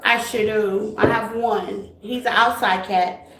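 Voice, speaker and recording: A woman's voice: mid-range voice, fairly even intonation, takes it slowly, vocal fry. A woman hosting a tarot live stream, chatting casually and greeting her viewers with terms like baby and honey. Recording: echoey room, faint noise.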